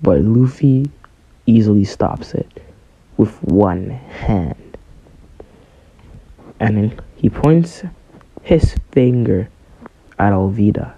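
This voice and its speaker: A man's voice: fairly low pitch, animated, slow, gravelly, long pauses, warm tone, slightly rough, lo-fi sound. A man casually narrating a fan-made story, hesitant and full of fillers.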